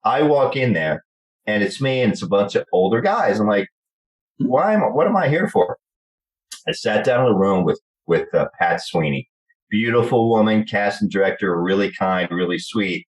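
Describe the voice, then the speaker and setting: A middle-aged man with a New Jersey accent, telling lively stories in an interview and acting out the people in them. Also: fairly low pitch, normal speed, poor audio. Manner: animated storyteller acting out quoted voices. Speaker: guest actor. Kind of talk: storytelling interview chat.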